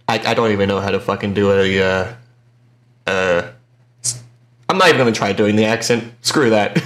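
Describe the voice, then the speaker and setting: A man giving excitable, jumpy let's play commentary while playing a horror game, quick to shout and laugh. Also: fairly low pitch, echoey room.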